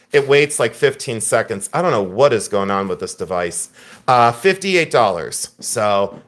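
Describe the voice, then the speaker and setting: A man's voice: medium pitch, a bit bright. Man, live-stream jewelry seller, chatty, frustrated, thanks viewers by name. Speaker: live jewelry sale host. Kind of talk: live-stream selling chat.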